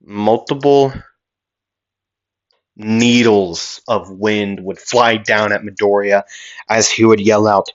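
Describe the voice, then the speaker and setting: A man spins an improvised fan story at an unhurried pace. He rambles and restarts often, filling gaps with "like" and "uh". The recording sounds a little dull and lo-fi. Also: on the low side, fairly even intonation. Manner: rambling, with many fillers and restarts.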